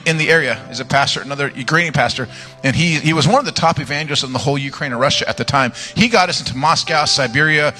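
A man preaching a charismatic sermon, telling jokey stories and praying fervently. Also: medium pitch. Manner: animated, joking storyteller, loud fervent praying. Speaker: guest preacher.

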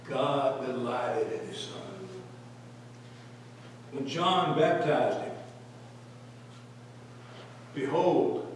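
A man teaching a Bible study in church, quoting verses with animated voices and asking the class questions. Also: medium pitch, slight background noise. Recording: echoey room taped from a distance.

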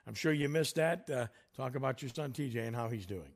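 A man's voice: medium pitch, expressive, fairly quick, gravelly. A male sports radio host leads an interview in an easy, conversational voice. He asks the questions and keeps the talk moving.

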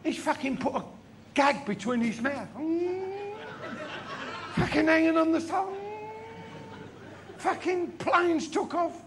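A man's voice: very high-pitched, measured pace, a little hiss or hum. A man doing bawdy, profane stand-up, telling jokes boisterously to a live crowd. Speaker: stand-up comedian.

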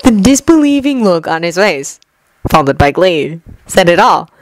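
Lady reading a fanfic story, lowish voice, gentle and even, real dry close mic. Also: unhurried, no echo, rough recording. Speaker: fanfiction reader. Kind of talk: storybook narration with lightly acted dialogue.

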